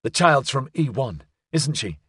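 A wary woman agent, urgent and pressing, her pitch climbing and falling in lively sweeps, as a male narrator puts her on. The voice has a husky grain and sits close and dry, with no room around it. It belongs to an audiobook read aloud. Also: a little slow, no echo, full character voice. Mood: demanding. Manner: urgent, demanding.

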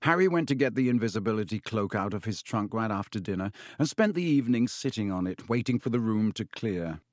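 A man narrating an audiobook in an even, measured storytelling manner. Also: fairly low pitch, no room sound, studio quality.

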